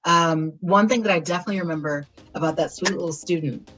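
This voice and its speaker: A woman's voice: lowish voice, fast, a bit bright, soft background music. A woman hosting an interview over a video call, encouraging and reflective, with frequent short affirmations. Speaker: interview host. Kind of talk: supportive interview chat.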